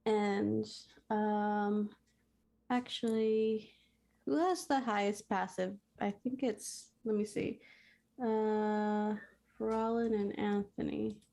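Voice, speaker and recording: A woman acting as game master, narrating a tabletop game in a halting way, with many pauses and fillers. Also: medium pitch, steady tone, creaky, warm tone.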